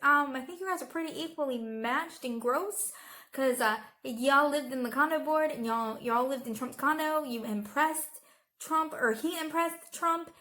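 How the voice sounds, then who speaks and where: A high-pitched woman's voice talks straight to her viewers in a loose, chatty commentary. She is sarcastic and exasperated, and she throws pointed asides at the person she is discussing. Her delivery is casual and conversational. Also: a bit bright. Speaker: YouTube commentator.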